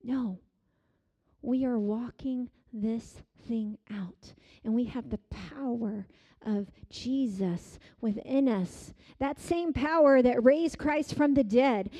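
High-voiced woman pastor preaching. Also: slow pace. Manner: dynamic preaching, swings from hushed to loud emphatic peaks. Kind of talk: sermon.

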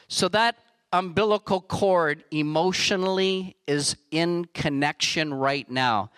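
A man's voice: sits high, lively intonation, slow pace, sharp tone, clean tone, low-quality recording. A man preaching a sermon in an earnest style, building to emphatic peaks. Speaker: pastor.

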